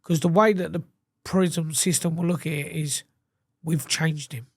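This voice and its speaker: A man's voice: a little high, fairly even intonation, normal speed, creaky, no room sound. Man, blunt storyteller, swears a lot, restarts sentences, dry close mic. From England. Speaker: podcast guest. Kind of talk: casual chat.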